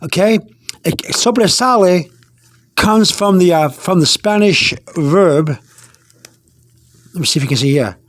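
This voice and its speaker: A man's voice: high voice, animated, a little slow, pauses often, no room sound, studio quality. A man giving a casual spoken language lesson, repeating himself with many fillers and restarts. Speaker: language teacher.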